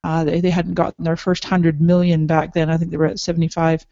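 A woman's voice: low-pitched, level tone, a little fast, vocal fry, dark tone, dry recording. Upbeat woman with a slight Scottish accent. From Canada, raised partly in Scotland. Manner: upbeat, enthusiastic, laughs often. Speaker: podcast guest. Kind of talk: casual interview storytelling. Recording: dry, slightly dull audio.

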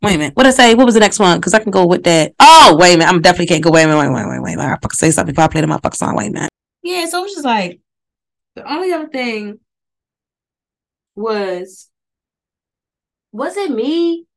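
A woman's voice: mid-range voice, sing-song, fast talker, pauses often. Profane woman rambling into a phone. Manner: profane, digressive, talks to listeners directly. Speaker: podcast host. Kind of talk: casual rambling monologue. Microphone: close phone microphone.

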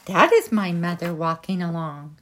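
A woman voicing a small, hungry bear cub in a storybook, speaking softly and hopefully. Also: lowish voice, normal speed, voice pushed down, close to an everyday voice.

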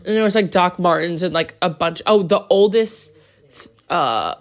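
A woman's voice: fairly low pitch, lively intonation, normal speed. A woman chatting casually about her day for a travel vlog in a hotel room, rambling with lots of "like". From United States. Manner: chatty, rambling, many "like" fillers.

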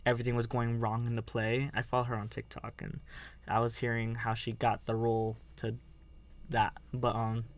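A man's voice: mid-range voice, completely flat delivery, normal speed. A man hosting a casual podcast, talking in a rambling way with many fillers. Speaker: podcast host. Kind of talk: casual chat.

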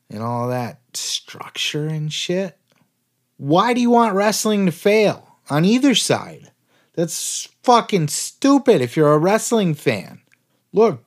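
Fired-up man ranting on a podcast. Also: medium pitch. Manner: heated, sarcastic, swears constantly. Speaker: podcast host. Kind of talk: profane ranting podcast commentary.

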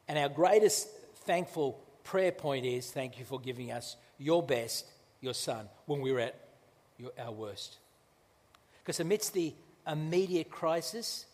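A male pastor preaching a sermon in a conversational way, with restarts and slow, emphatic phrases, in a church. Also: mid-range voice, big-room sound.

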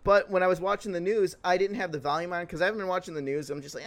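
A man's voice: high-pitched, fairly even intonation, very fast, few pauses. A man chatting casually, rambling through a comic story with lots of fillers and laughter. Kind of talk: casual comedic chat.

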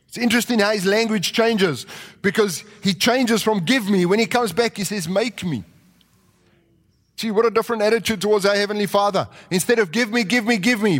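A man preaching a sermon with animated delivery, acting out quotes and rising to shouts. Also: high-pitched. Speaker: pastor. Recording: long reverb of a large hall.

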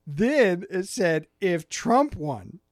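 A man co-hosting a casual podcast chat, telling animated stories and acting out voices. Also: high-pitched, very slow, no room sound, studio quality. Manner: animated storyteller, acts out voices in anecdotes. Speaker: podcast co-host.

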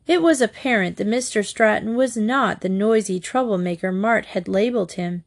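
Woman, storybook narrator, measured and clear, mid pitch. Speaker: audiobook narrator.

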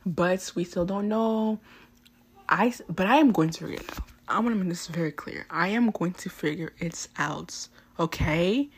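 A teenage girl hosting a podcast, telling a story in a chatty, animated way full of fillers. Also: lowish voice, moderate pace, a little hiss or hum. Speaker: podcast host. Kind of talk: casual storytelling.

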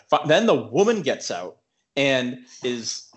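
A young man with an ordinary mid-pitched voice talks through a story on a podcast. He rambles, circles back, and fills every gap with filler words and restarts, in a loose and casual way. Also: big pitch swings, slow pace. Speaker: podcast co-host.

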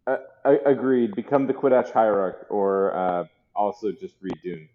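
A man's voice: lowish voice, normal speed, narrow, tinny audio. A man appearing as a guest on a casual podcast, joking in a dry, offhand way.

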